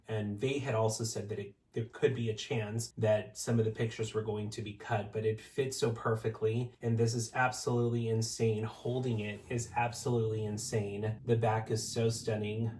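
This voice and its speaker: A man hosting his own podcast, talking casually to camera, nervous, excited and swearing freely. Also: mid-range voice, recorded from a distance. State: shaky and close to tears. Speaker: podcast host. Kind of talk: casual vlog talk to camera.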